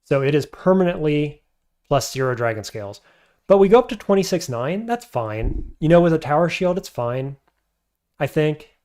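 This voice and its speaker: A man's voice: on the high side, lively intonation, normal speed, a little mellow. A man streaming a game, thinking aloud as he weighs his options and answers chat. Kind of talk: casual live-stream commentary.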